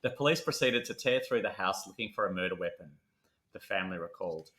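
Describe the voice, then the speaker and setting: A man's voice: deep voice, expressive, fast talker, a bit bright, reverberant. A man co-hosting a true crime podcast, reading case notes aloud between jokes and laughs. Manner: jokey, laughs often, reads story aloud. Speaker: podcast co-host.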